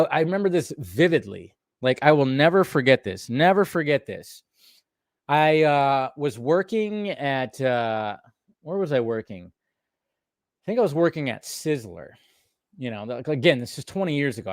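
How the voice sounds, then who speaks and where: A man in his thirties hosting a casual stream, telling a story in an animated way, swearing and raising his voice at times. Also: a little high, no echo, studio quality. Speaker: podcast host.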